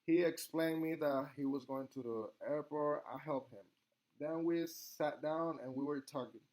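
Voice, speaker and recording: Slow, halting man. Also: a little high, darkish tone. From Latin America. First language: Spanish. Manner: halting, with many pauses and ums. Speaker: student giving a class presentation. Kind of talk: recorded class assignment monologue.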